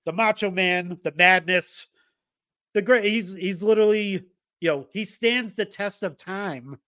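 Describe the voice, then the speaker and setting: A man hosts a casual podcast in a rambling way, full of fillers and restarts. His voice sits a bit high for a man. The recording is close and dry, with no room sound. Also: a little slow, a bit bright, dry recording. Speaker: podcast host.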